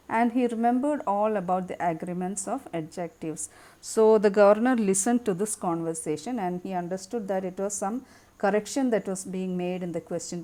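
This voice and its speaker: A woman's voice: medium pitch, mellow. A woman, teaching a lesson by reading a text aloud and explaining it line by line. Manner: reads a passage aloud, then explains it in simple words. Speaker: English teacher.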